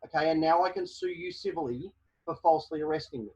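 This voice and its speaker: A man's voice: a little high, very animated, fast, vocal fry, darkish tone, slightly rough. A man presenting a webinar, giving emphatic legal advice and checking in with "okay?" after each point. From Australia. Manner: emphatic, repeats "okay?" to drive points home. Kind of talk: explaining legal advice to a caller. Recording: dull, lo-fi webinar audio.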